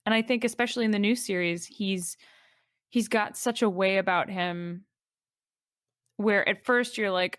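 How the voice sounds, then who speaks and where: A woman's voice: mid-range voice, normal speed, pauses often, a bit bright, clean tone, no echo, clean studio sound. Enthusiastic woman chatting as a guest. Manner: enthusiastic, rambling with many fillers. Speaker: podcast guest. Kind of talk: casual chat.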